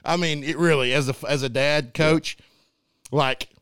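A man's voice: fairly high pitch, a little slow, clear, resonant tone, no echo, clean studio sound. A man co-hosting a casual sports talk show, telling stories with lots of laughter and false starts. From Arkansas. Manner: animated storyteller, laughs often, restarts sentences. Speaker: podcast co-host and youth football coach.

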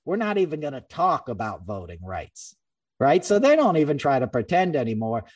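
A man hosting a podcast, talking politics in a loose, animated ramble. He swears freely and keeps restarting his sentences. He sits a little back from the microphone. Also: mid-range voice, normal speed, far from the mic. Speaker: podcast host. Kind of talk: casual political chat.

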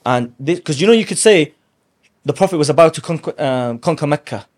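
A man as a guest speaker, telling a religious story in conversation with animated emphasis and Arabic phrases. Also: fairly high pitch, fairly quick.

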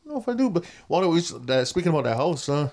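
A man's voice: a little high, very animated, a little mellow. A man telling rambling stories in casual chat, full of fillers. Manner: fast rambling storyteller with fillers.

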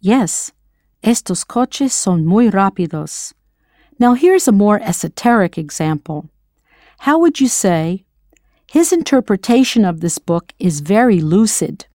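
Guiding a scripted language lesson on audio, a patient American woman encourages the listener to give answers. Her middle-pitched voice is sing-song, unhurried and mellow. The sound is close and dry, with no echo.

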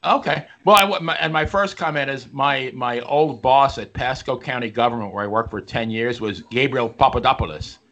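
A man's voice: mid-range voice, normal speed, few pauses, a bit bright. A man co-hosting a talk show, asking long, friendly questions. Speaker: co-host. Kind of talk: casual radio chat.

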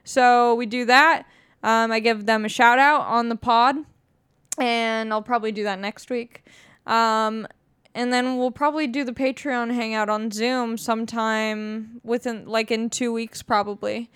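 A woman's voice: a little high, steady tone, measured pace, fairly bright tone, clean tone, no echo, clean studio sound. A woman in her twenties hosting a podcast, rambling in a casual, self-mocking, jokey way. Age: 20s. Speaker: podcast host.

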